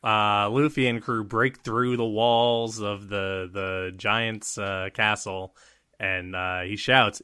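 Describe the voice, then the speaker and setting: A man casually recapping a comic chapter on a podcast, animated and slipping into quick character voices. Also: on the low side, smooth, dry recording, studio quality.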